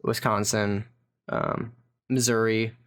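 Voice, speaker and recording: A man's voice: on the low side, flat delivery, slow pace, a bit bright. A man from Pennsylvania co-hosting a podcast in casual chat, confidently rattling off lists. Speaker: podcast co-host.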